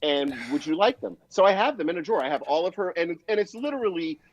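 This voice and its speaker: A man, a drummer guest on a casual livestream interview, telling stories in an animated way and acting out other people's voices. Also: high-pitched, fast talker, lo-fi sound, a little hiss or hum. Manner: animated storyteller, acts out voices.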